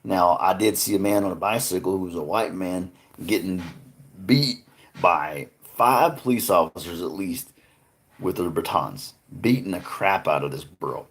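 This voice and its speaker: A man's voice: sits low, fairly bright tone, slight background noise. A man hosting a live stream, rambling earnestly to his chat with frequent restarts. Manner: rambling, halting, many restarts; earnest, talks to chat viewers by name.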